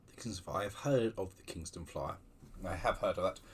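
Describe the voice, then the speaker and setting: A man's voice: sits low, brisk, a little hiss or hum. A man hosting a casual livestream, chatting in a rambling, self-deprecating way with many restarts, keyboard typing behind him. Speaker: livestream host.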